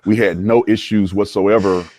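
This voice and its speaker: Earnest guy telling a trip story, real deep voice, trips over his words. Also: steady tone, moderate pace, darkish tone. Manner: earnest, stumbling restarts. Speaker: interview guest. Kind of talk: earnest interview testimony.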